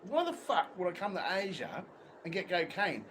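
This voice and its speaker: A man's voice: sits high, sing-song, moderate pace, fairly bright tone, low-quality recording. Crude, swearing Australian man outdoors. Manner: crude, blunt, swears constantly. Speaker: livestream host. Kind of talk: casual unfiltered livestream chat. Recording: outdoor street noise with traffic.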